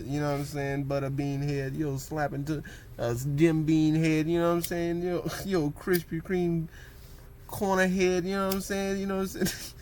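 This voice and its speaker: Talking at normal speed with fairly even intonation, this man has a slightly mellow voice on the high side. He's a vlogger meandering through thoughts on meditation and posture, acting out others' words and repeating "you know what I'm saying," with slight background noise.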